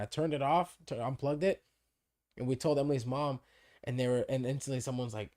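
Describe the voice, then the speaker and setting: A man's voice: mid-range voice, steady tone, a little fast, darkish tone. A man co-hosting a podcast, telling a story in a loose, swearing way and acting out who said what. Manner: swears freely, acts out quoted dialogue. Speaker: podcast co-host. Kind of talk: casual storytelling chat.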